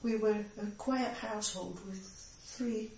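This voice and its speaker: Older woman, far off in an echoey room. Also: medium pitch. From Sheffield area, England. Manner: gentle, halting recollection with many fillers. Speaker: interviewee. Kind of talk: oral history reminiscence. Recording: very echoey, off-mic, dull recording.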